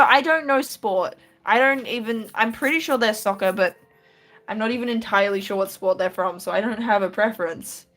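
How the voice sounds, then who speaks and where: A woman with an Australian accent and a mid-range, fairly bright voice is live-streaming from her room as she draws. Chatting casually with her viewers, she answers their questions with light laughter.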